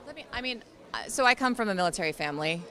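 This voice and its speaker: Woman interviewer, bright and tense tone, probing, hesitant questions. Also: mid-range voice, lively intonation, very fast.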